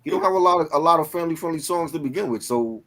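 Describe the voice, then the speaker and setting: A man co-hosting a casual talk show, agreeable, often affirming his partner and offering relaxed opinions. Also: fairly high pitch, very fast. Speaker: podcast co-host. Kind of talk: casual chat.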